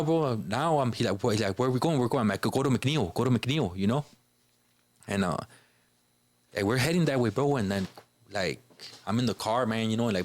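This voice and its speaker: A man's voice: medium pitch, no echo. A man from Chicago, a podcast guest, telling a personal story in a casual, informal way, filling his speech with "you know" and "bro".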